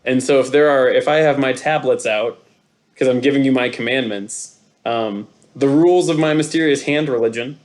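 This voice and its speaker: A man's voice: medium pitch, animated, fairly quick. A man co-hosting a comedy podcast, making mock-solemn pronouncements in casual banter. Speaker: podcast co-host. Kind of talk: casual comedic chat over a call.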